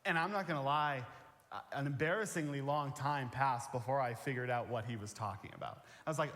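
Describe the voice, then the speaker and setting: A man's voice: medium pitch, fairly quick, fairly bright tone. A man preaching a conversational sermon as a pastor, earnest and plain-spoken, repeating his key phrases. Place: church sanctuary. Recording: reverberant church hall.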